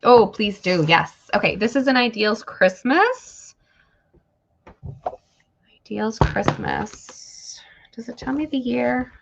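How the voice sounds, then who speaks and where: Slow-talking gravelly woman live-selling books. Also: a little high, expressive. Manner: chatty, rambling, thanks viewers by name. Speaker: live sale host. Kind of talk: casual live-stream selling. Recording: dull lo-fi stream audio with faint noise.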